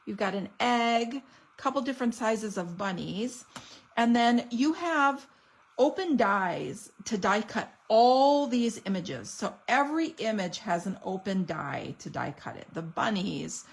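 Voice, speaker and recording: A woman's voice: a little high, lively intonation, measured pace, creaky, slightly rough, low-quality recording. A woman showing off craft products in a casual unboxing video, gushing and chatty. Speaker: stamping demonstrator.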